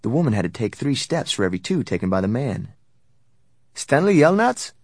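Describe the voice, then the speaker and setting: A man narrating a novel in a steady, even storytelling voice that sits low. The recording is dry and close, with no room around it. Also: fast talker, slightly rough, dry recording. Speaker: audiobook narrator. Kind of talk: scripted narration.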